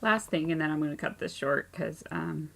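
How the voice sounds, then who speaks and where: Low gravelly-voiced tired mom knitter. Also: female voice, normal speed, fairly bright tone. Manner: chatty, many ums, low-key and tired. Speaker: knitting podcast host. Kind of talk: casual chat. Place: home craft room and playroom.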